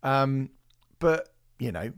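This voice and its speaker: A man's voice: mid-range voice, animated, slow, gravelly, clean tone. A man hosting a podcast, chatting casually and animatedly, swearing and mocking critics in quoted voices. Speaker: podcast host.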